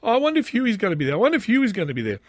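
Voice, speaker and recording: Brief: man mimicking his excitable, nervous wife, breathless and high, no room sound. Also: very fast, no room sound, clean studio sound, heavily acted. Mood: excited.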